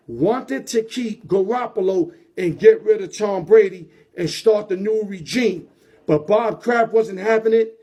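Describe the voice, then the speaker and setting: High-pitched, hype-talking sports host man. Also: normal speed, dark tone. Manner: slangy, emphatic, hype-driven. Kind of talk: casual sports commentary.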